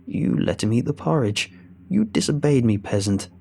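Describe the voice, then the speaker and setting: A man voicing a cruel eighty-year-old witch hag who speaks in a slow, sneering, menacing way. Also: mid-range voice, sing-song, vocal fry, darkish tone, faint music behind. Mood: scolding.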